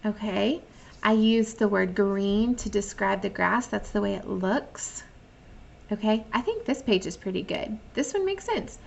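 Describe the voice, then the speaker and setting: A woman teaching young children online, patiently thinking out loud as she checks and fixes her own writing. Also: mid-range voice, fairly even intonation. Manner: reads sample sentences slowly and clearly.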